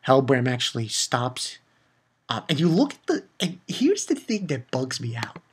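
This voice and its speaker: A man giving a casual spoken review of a comic chapter, retelling it excitedly with swearing and lots of fillers. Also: medium pitch, moderate pace, a little hiss or hum. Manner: excitable, loose and profane, with many fillers. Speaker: manga reviewer.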